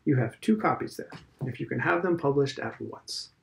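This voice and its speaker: A man reading aloud, voicing a pompous old male schoolmaster who speaks briskly and emphatically. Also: mid-range voice, expressive, vocal fry, low-quality recording. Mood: emphatic. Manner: loud, emphatic, brisk lecturing.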